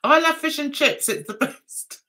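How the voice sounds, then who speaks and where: A woman hosts a relaxed livestream chat, laughing often as she answers her viewers. Her voice is bright and high, and she talks at an unhurried pace. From England. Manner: giggly, chatty, reads viewer comments aloud and answers them. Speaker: livestream host.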